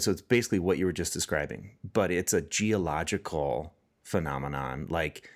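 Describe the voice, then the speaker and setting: A man hosting a casual interview, explaining ideas thoughtfully, with frequent restarts as he works toward his point. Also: low voice. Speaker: podcast host.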